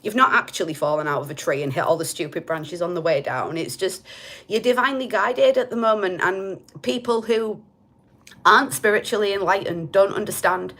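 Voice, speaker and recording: A woman's voice: medium pitch, a little fast, fairly bright tone. A woman with a light Hull accent giving a casual tarot reading to camera, chatty and blunt, swearing casually. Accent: light Hull, East Yorkshire. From Hull, East Yorkshire. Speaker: tarot reader.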